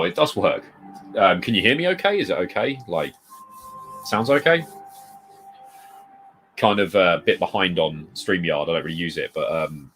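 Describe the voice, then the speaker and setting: Low-voiced man rambling on a live stream. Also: a bit bright. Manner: rambling, reads out viewer comments and greets them. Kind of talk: casual live-stream chat. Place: home room full of retro games. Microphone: desk mic moved close.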